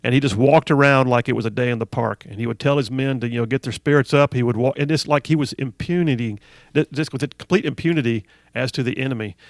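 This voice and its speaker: Gravelly-voiced male talk radio host. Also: mid-range voice, fast talker, dry recording, studio quality. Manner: emphatic, repeats phrases for emphasis. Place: radio studio. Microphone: studio microphone.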